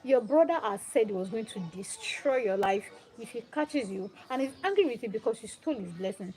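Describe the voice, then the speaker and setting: A woman's voice: on the high side, animated, a little fast, mellow, close to an everyday voice, poor audio. A woman voicing a mother who urgently warns her son to flee.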